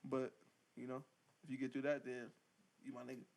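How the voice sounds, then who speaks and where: A man co-hosting a casual podcast, chatting and cutting in with quick jokes. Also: mid-range voice, level tone, a little mellow. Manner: fast, joking interjections. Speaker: podcast co-host. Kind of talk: casual chat.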